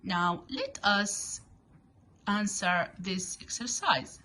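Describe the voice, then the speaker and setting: A woman with Arabic as her first language teaches English to small children. Her pace is unhurried, with long pauses between words, and her pitch sits in the middle of the range. She repeats each word so beginners can follow along. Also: big pitch swings, pushed and bright, slight background noise.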